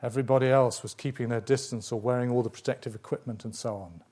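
A man preaching a sermon, emphatic, with dramatic pauses and repeated phrases. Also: mid-range voice, steady tone, warm tone.

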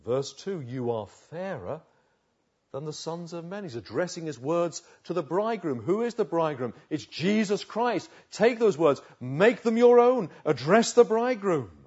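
A man preaching a sermon, swinging from loud urging to hushed, slow pleading. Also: on the high side, expressive, husky. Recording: dull lo-fi recording.

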